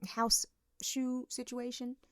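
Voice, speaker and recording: A woman in her thirties telling stories on a podcast, frank and profane, slipping into the voices of the people she quotes. Her voice is bright and forceful. It is recorded dry and close, with no room sound. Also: on the high side, monotone, takes it slowly, dry recording. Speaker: podcast co-host. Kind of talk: casual chat.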